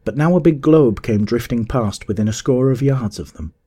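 A man narrating a classic adventure story as an audiobook, in a measured storytelling manner. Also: mid-range voice, slightly rough. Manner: measured, even storytelling that rises to shouts in dialogue.

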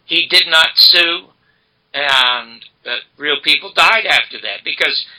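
An older man telling stories as an interview guest, animated and acting out the dialogue he quotes. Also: a little high, takes it slowly, low-quality recording. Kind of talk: storytelling interview.

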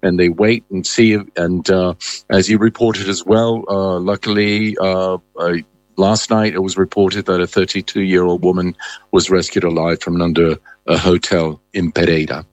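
A man reporting as a correspondent in a live news interview, halting with many fillers and restarts. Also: deep voice, flat delivery, no echo.

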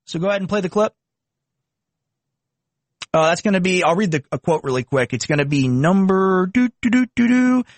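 A man's voice: high voice, lively intonation, moderate pace, pauses often, dry recording. A young man commenting on video clips, indignant and mocking. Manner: indignant, mocking, puts on silly voices. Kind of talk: political commentary.

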